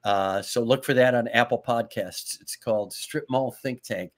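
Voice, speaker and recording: Animated man telling comic stories. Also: medium pitch, moderate pace. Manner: laughs through his stories, acts out lines. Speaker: guest, comedy writer. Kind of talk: animated anecdotal storytelling.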